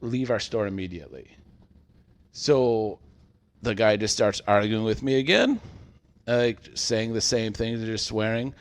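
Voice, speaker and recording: A man with a somewhat low voice tells a workplace story in a relaxed podcast chat. He acts out what people said, getting loud for the quotes. He sounds to be in his thirties. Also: measured pace, clear, resonant tone. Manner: animated storyteller acting out quotes. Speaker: podcast co-host telling a work story.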